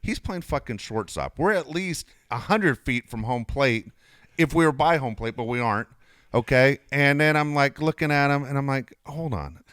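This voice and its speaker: A middle-aged man co-hosting a casual chat show, telling a story animatedly, swearing freely and loudly acting out his own outbursts. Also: mid-range voice, moderate pace, clean tone, no room sound, clean studio sound. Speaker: podcast co-host.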